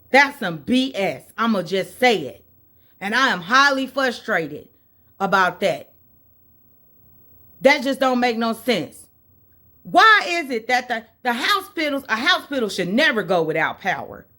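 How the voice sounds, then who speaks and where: A woman's voice: a little high, bright, forceful tone. A woman from Indiana, USA, venting on her vlog in an exasperated rant, repeating her points over and over. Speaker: vlogger. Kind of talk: casual opinion vlog.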